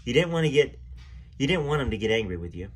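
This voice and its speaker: A man reading a memoir aloud in an earnest, emotional way, pausing now and then to add his own comments. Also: mid-range voice, sing-song. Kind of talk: reading aloud with spoken asides.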